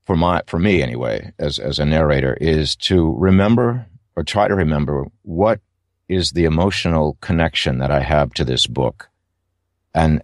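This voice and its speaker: A man's voice: a bass voice, dry recording, clean studio sound. A middle-aged man, an audiobook narrator, giving thoughtful, rambling interview answers with many fillers and restarts.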